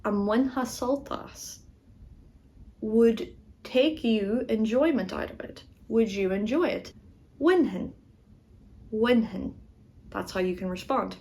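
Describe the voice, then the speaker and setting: A woman teaching grammar, explaining rules and slowly saying each example word twice for the listener to repeat. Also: a little high, darkish tone, poor audio. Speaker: Irish language teacher. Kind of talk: explaining grammar and modeling pronunciation.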